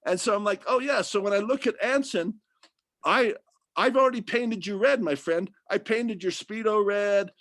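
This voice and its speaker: A man talking casually and at length about faith and art, rambling and animated, often restarting his sentences. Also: high-pitched, moderate pace, dry recording.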